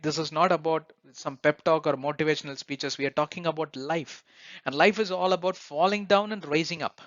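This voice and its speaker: A man with a slightly high voice giving an earnest motivational talk for his self-help channel. He speaks with loose, non-native phrasing, fillers and restarts, and keeps checking in with his listeners. The recording is dry and dull, with a lo-fi edge. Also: a bit bright, no echo. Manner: earnest, repetitive, asks listeners "right?".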